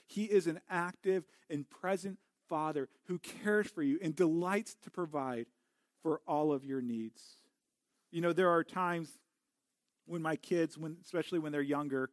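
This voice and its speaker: A man's voice: fairly high pitch, no echo, clean studio sound. A middle-aged man preaching a sermon as a pastor, earnest and often restarting his words. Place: church.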